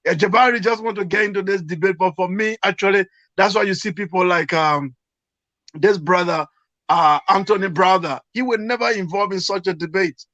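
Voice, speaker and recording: A Liberian-accented man on a video call speaks in a bright, forceful voice with a somewhat high pitch. He presses his points and repeats them for emphasis. The sound is dry and dull, like lo-fi call audio. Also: moderate pace, no room sound. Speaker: guest. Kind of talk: casual video-call conversation.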